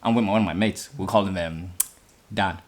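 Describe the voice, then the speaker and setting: Fast-talking young man telling a story. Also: a crowd in the background. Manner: swearing, animated retelling, voice jumps high in quoted outbursts. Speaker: podcast host. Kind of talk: casual storytelling chat.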